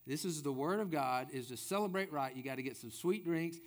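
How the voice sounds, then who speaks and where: Folksy pastor preaching. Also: male voice, on the high side, brisk. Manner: humorous, folksy asides between scripture readings. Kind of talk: sermon.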